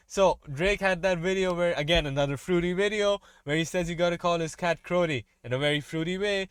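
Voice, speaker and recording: A man's voice: high voice, fairly quick, few pauses, clean tone, no room sound. Casual man explaining, dry close sound. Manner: explains in loose run-on asides. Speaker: music reaction host. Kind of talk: casual breakdown commentary.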